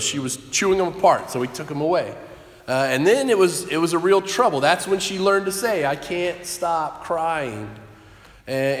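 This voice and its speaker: A man preaching a sermon with a slightly raised pitch and an earnest, stop-and-start storytelling manner. His voice carries through a roomy church hall with a long, lingering reverb. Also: a bit bright. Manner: earnest, halting storytelling with restarts. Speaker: pastor.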